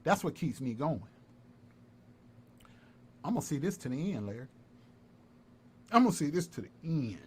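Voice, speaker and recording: In a heated livestream callout, a commentator from North Carolina keeps taunting and repeating himself with animated energy. His husky voice is fairly high, at normal speed with frequent pauses, and there's faint background noise.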